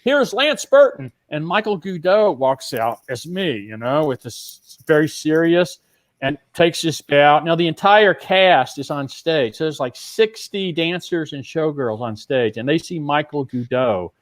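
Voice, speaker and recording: High-voiced man telling a lively anecdote. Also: a little slow. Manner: animated storyteller acting out other people's lines. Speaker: guest magician.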